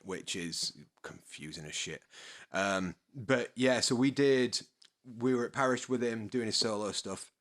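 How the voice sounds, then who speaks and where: A man with a Yorkshire accent, a podcast guest telling relaxed, laughing stories in casual chat. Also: on the low side, measured pace. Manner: laid-back storyteller, laughs often, swears.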